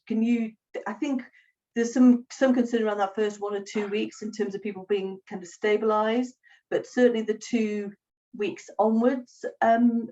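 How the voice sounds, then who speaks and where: Woman psychologist, thoughtful and pausing, video call sounding dull and far off. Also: medium pitch, dark tone. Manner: measured, many pauses and fillers. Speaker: psychologist and webinar host. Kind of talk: professional discussion on a video call. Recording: distant, dull lo-fi call audio.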